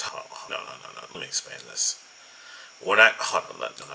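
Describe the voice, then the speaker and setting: A man's voice: deep voice, very animated, brisk, bright, forceful tone, rough recording. A man hosting reaction commentary, incredulous, emphatic and full of swearing. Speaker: commentary host.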